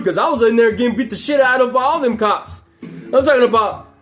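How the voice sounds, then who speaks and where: A man talks in a loose, profane storytelling vlog with an unusually high-pitched voice. Quiet music plays faintly behind him. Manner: profane, rambling, laughs often. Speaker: channel host. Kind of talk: casual storytelling.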